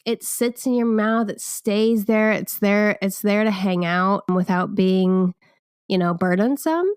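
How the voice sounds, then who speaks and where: A woman co-hosting a podcast, chatting casually in an eager, playful way. Her voice sits in a middle pitch and is recorded close and dry, with no room sound around it. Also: a little slow, a little mellow, clean tone, no room sound. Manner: gushing, playful, enthusiastic. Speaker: podcast co-host. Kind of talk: casual chat.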